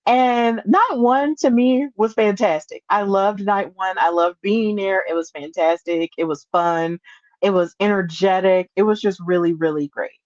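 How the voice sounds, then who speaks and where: Excitable woman podcast host, dull dry sound. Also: mid-range voice, measured pace, no room sound. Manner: excitable, animated storytelling with playful asides. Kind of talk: solo podcast recap.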